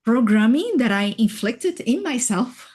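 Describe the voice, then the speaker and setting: A woman guest on a video call, telling her own story slowly and thoughtfully, with soft laughs and fillers. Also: a little high, sing-song, husky. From Hawaii. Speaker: interview guest, healer and life coach. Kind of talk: reflective personal storytelling.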